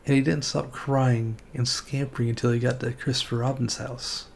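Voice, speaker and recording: Gravelly man reading a storybook aloud. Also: mid-range voice, flat delivery, moderate pace, a little hiss or hum. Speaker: streamer.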